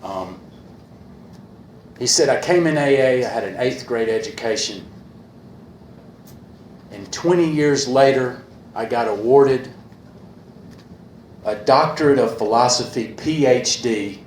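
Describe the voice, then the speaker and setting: A man speaking earnestly at a recovery meeting, repeating a refrain and pausing often with fillers, a little emotional. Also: medium pitch. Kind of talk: personal talk at a meeting. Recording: echoey room with faint hiss.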